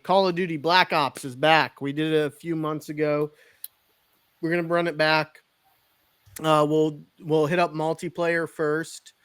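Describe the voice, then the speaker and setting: A man's voice: a little high, fairly bright tone, smooth, dry recording. A man co-hosting a casual podcast, announcing an upcoming community event. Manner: laughs easily, announces events plainly. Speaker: podcast co-host.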